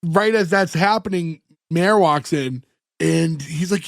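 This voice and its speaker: A man's voice: on the high side, slow, gravelly, no room sound, studio quality. A man hosting a podcast, retelling scenes in casual chat and acting out the characters' lines. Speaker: podcast host recapping an episode.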